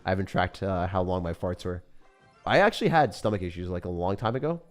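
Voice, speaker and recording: Male game streamer, lowish voice, casual slangy chatter with lively swings in tone, soft music underneath. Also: fast. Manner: casual and slangy, bursts into loud excited shouts. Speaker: gaming streamer. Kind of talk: live gameplay commentary, chatting with viewers.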